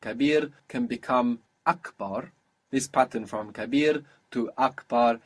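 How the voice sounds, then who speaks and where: A man's voice: medium pitch, slightly rough. A man teaching a language lesson, patiently modelling and repeating each phrase for his student.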